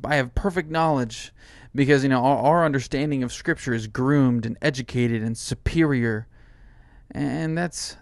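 A man preaching a sermon as a pastor, with a gravelly edge to his voice. His pitch sits in the middle of the male range. He acts out quotes in a raised voice, and the room sounds dry and close. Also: darkish tone, no echo.

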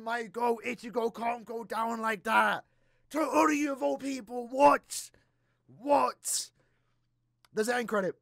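High-voiced man hyped reacting to anime. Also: normal speed, vocal fry. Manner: hyped, shouts and stretches out words in dismay; calmer, rambling recap afterwards. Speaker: anime reaction channel host. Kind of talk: excited anime reaction commentary.

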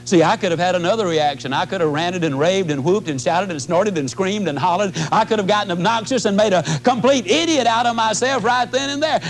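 A man in his fifties giving a motivational talk in a folksy, animated storytelling manner. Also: high-pitched, brisk, few pauses. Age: 50s. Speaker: motivational speaker.

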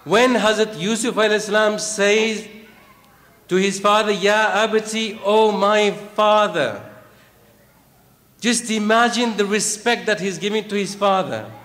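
A man delivers a sermon at a religious gathering, his voice pitched high. He chants verses and then unpacks them, coming back to key phrases again and again. Long reverb from a large hall trails behind every line. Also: a bit bright. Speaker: preacher.

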